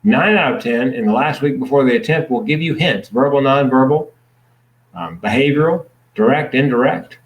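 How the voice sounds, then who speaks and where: A man's voice: mid-range voice, moderate pace, roomy sound, low-quality recording. A man speaking as a podcast guest, explaining things earnestly with dry jokes. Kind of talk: podcast conversation.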